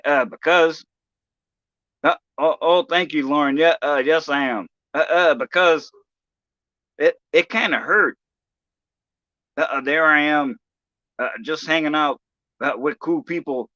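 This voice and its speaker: A man talking on his own livestream, ranting in a halting, profane way with many restarts. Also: a little high, sharp tone, dry recording, muffled recording. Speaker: live streamer. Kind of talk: casual livestream rant.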